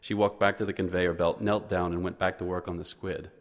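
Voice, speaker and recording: A man narrating an audiobook in the first person, measured and understated. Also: low voice, flat delivery.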